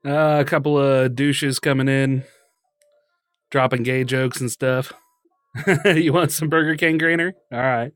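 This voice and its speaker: A man's voice: medium pitch, fairly even intonation, unhurried, long pauses, clean tone, no room sound. A man co-hosting a podcast and livestream, chatting casually, joking crudely and laughing often. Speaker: podcast co-host and streamer. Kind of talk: casual chat.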